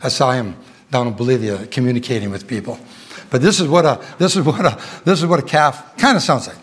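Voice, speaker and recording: A middle-aged man preaching a sermon, halting with restarts and fillers, then swelling with fervent emphasis. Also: medium pitch, slightly rough.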